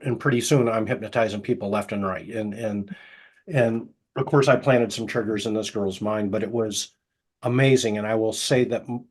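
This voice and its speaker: A middle-aged man who works as a hypnotist, telling anecdotes casually and acting out the quoted dialogue, with a soft, slow voice for the hypnotic suggestions. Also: medium pitch. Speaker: hypnotist guest. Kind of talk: casual storytelling interview.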